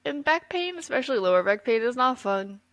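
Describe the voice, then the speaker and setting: A young woman hosts a casual podcast chat in an easygoing way. Her voice is somewhat high and sounds dry and close to the mic, with no room echo. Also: sing-song, fairly quick, fairly bright tone. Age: young adult. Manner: easygoing, brief interjections. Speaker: podcast host.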